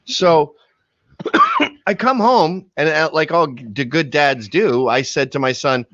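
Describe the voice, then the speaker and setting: A man's voice: a little high, slow, no echo. A middle-aged man with a mild Canadian accent, telling anecdotes as a podcast guest. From born in England, raised in Canada. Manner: animated storyteller who shouts out quoted lines. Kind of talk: casual storytelling. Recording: dry, slightly dull podcast mic.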